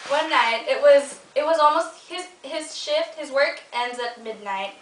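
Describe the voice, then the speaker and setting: Casting: young woman from the Philippines, chatty and giggly storyteller, slightly high voice, echoey room from a distance. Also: measured pace. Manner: chatty, giggly, full of "like" and restarts. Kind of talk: casual spoken ghost story. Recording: echoey room, mic at a distance, faint noise.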